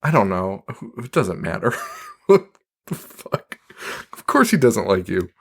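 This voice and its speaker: A man's voice: lowish voice, very animated, measured pace, creaky, a bit bright. Laughing, profane male podcast co-host. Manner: profane, laughing, acts out lines from the film. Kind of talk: casual chat recapping a movie.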